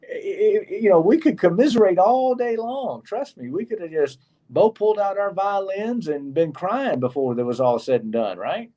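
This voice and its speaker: A man's voice: high-pitched, lively intonation, moderate pace, dark tone, muffled recording. A middle-aged man co-hosting a casual chat show, telling stories and acting out the people he quotes. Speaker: co-host.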